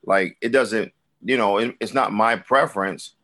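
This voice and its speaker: A man's voice: fairly low pitch, moderate pace, fairly bright tone. A man who is a recording artist, talking as a guest in a casual interview, loose and rambling, often restarting his sentences.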